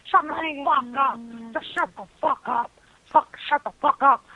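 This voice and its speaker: A woman on a voicemail greeting, yelling and cursing in a shrill voice. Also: measured pace, phone-quality sound. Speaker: caller's mother on a voicemail.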